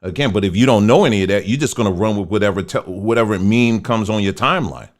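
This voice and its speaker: Here a man with a deep voice talks fast as he hosts, offering easygoing remarks about on-screen pictures. His style is homespun and chatty, with mocking impressions of what others say.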